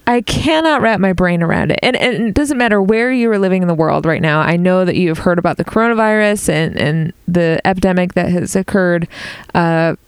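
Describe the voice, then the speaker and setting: A woman's voice: lowish voice, fairly quick, smooth, no room sound, studio quality. A woman co-hosting a casual comedy chat, blunt and exasperated, laughing often as she reads out headlines. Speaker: podcast co-host.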